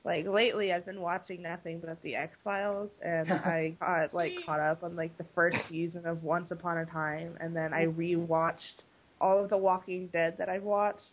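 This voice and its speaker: A woman's voice: fairly low pitch, little pitch movement, normal speed, slight background noise. Chatty woman on a muffled call. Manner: chatty, says like a lot. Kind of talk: casual group chat. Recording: dull lo-fi online call audio.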